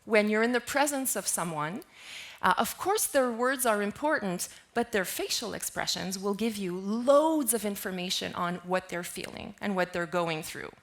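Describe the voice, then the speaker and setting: A woman's voice: medium pitch, lively intonation, normal speed. A woman giving a conference keynote talk in a lecture hall, often asking the audience questions. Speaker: keynote speaker.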